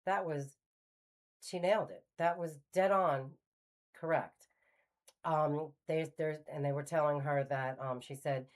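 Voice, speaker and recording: Middle-aged lady hosting her spiritual channel, low voice, chatty storytelling, does the voices of people she quotes. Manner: animated retelling, acts out quoted voices. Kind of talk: casual storytelling.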